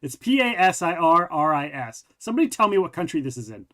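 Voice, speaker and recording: A man's voice: a little high, very animated, fast talker, a bit bright. A man hosting a casual podcast, reading articles aloud and joking around, swearing freely. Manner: rambling, jokey, swears freely. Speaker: podcast host.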